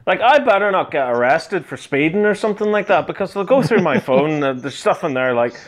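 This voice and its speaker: A man's voice: on the high side, a little fast. Giggly, foul-mouthed man riffing. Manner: profane, giggly, animated storytelling. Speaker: podcast co-host. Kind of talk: crude comedy banter.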